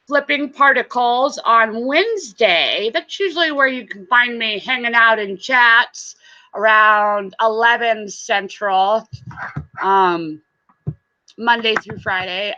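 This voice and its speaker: Woman live-streamer, chatty and friendly, bright forceful voice, a bit high, lo-fi sound. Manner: chatty, warm greetings to viewers, laughs often. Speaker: live-stream host and reseller. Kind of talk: casual live-stream chat, reading viewer comments.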